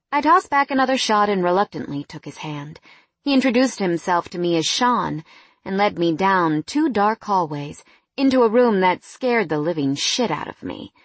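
A woman's voice: medium pitch, no room sound. A woman narrating a first-person novel in a wry, candid tone.

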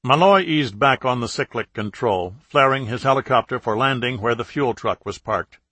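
A man narrating a thriller audiobook in steady, clear storytelling. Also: mid-range voice, moderate pace, no room sound. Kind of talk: scripted narration.

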